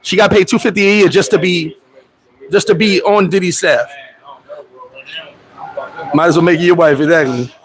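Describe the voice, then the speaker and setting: High-voiced man telling stories, profane. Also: moderate pace, pauses often, low-quality recording. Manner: profane, animated storytelling, loud outbursts; reads and answers viewer comments. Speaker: livestream host. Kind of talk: casual livestream chat.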